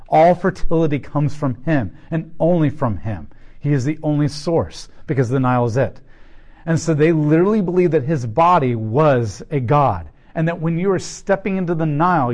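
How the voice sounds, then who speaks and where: A man teaching through a Bible passage, animated, with joking asides and rhetorical questions. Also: mid-range voice. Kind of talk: sermon.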